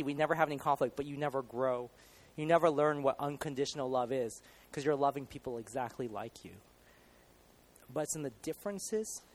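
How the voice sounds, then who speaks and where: A man preaching a sermon, moving between loud emphatic lines and soft prayerful ones. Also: medium pitch.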